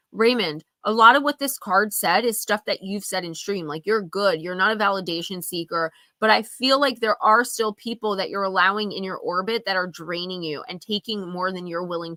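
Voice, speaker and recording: Tearful bright-voiced woman reading oracle cards. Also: medium pitch, no echo. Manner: chatty, emotional, talks straight to viewers. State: tearful, sniffling. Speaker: oracle card reader on a live stream. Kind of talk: live-stream card reading and chat.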